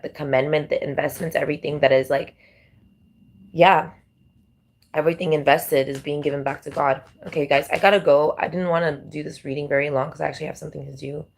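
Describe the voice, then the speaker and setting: A woman doing a tarot reading who rambles in a casual, repetitive way and leans heavily on fillers. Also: low voice. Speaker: tarot reader.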